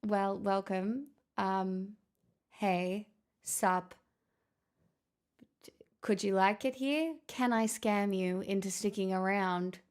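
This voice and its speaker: A woman's voice: medium pitch, steady tone, slow pace, long pauses, darkish tone, clean tone. A woman hosting a livestream, chatting casually and teasing her chat with jokes. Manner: teasing, jokey banter with chat. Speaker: livestream host.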